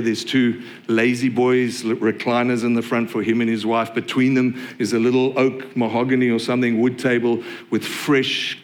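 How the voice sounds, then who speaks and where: A middle-aged man delivers a sermon in an easy, conversational way. His voice sits in a plain middle pitch, and he slips light humour and playful asides into the teaching. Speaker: pastor.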